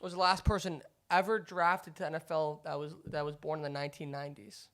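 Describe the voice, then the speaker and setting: A young woman co-hosting a podcast, relaxed in casual sports chat, who reads out news items and stumbles over names. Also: sits low, brisk. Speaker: podcast co-host.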